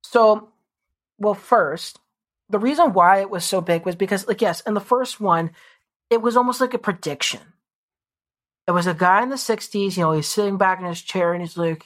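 A woman's voice: medium pitch, normal speed. A woman co-hosting a podcast in casual chat, rambling with many fillers. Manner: rambling, heavy use of "like" fillers. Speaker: podcast co-host.

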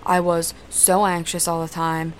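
A young woman with a fairly low voice tells her own story in an open, unguarded way. She talks conversationally and swears without hesitation. A faint hiss of noise sits beneath her voice. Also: little pitch movement, a little slow. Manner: candid, swears freely, conversational. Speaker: podcast host. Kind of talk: personal storytelling.

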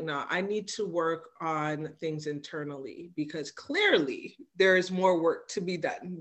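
A woman guest on a podcast, telling personal stories in a candid, animated way with frequent fillers. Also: fairly low pitch. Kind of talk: candid conversational storytelling.

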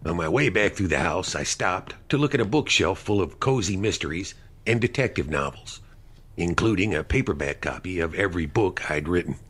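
A man narrating a mystery story in the first person, in a dry, measured storytelling manner. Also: deep voice, animated, a bit bright, breathy edge. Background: music.

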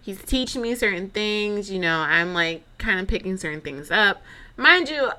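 Young woman host, lively dramatic storyteller, bright lower voice. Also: normal speed. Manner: chatty, dramatic, lots of fillers and asides. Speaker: podcast host. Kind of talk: casual storytelling monologue.

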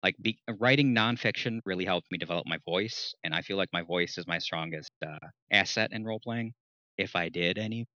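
A man's voice: low-pitched, fairly quick, sharp tone, dry recording. A man co-hosting a casual group podcast, joking around and bantering with the others. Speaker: podcast co-host. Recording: dull lo-fi sound.

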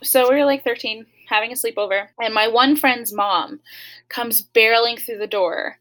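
A young woman with a slightly high voice speaks as a guest. She tells a painful personal story openly, in plain words with lots of casual fillers. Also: normal speed, fairly bright tone, low-quality recording. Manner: candid, frequent "like" fillers.

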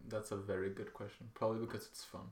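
A young man co-hosting a podcast in casual chat, relaxed and swearing, laughing easily. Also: fairly low pitch, fast, slight background noise. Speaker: podcast co-host. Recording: echoey room.

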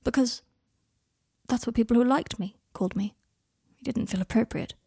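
A woman's voice: on the high side, normal speed, vocal fry, mellow, breathy edge, no room sound, studio quality. A woman voicing an anxious, self-deprecating young man who swears under his breath, in a fan fiction reading. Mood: wry.

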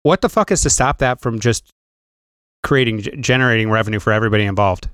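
A man with a smooth, resonant voice rambles on a podcast, cursing freely and restarting his sentences as he works up to a point. The sound is dry and close. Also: on the low side, a bit bright, no echo. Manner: rambling and profane, with halting restarts and teasing. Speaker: podcast co-host. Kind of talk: casual chat.

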